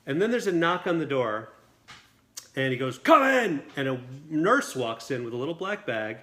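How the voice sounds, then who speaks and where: A man, a film director and guest, telling a lively anecdote at a dinner table interview. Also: medium pitch. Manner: quick, lively storytelling with acted quotes.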